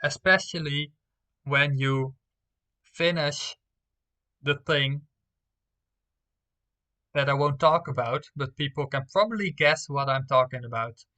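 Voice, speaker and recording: A man's voice: medium pitch, slow, long pauses, bright, forceful tone. A young man streaming live, reading out game results and talking playfully to his viewers. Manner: playful, talks straight to viewers.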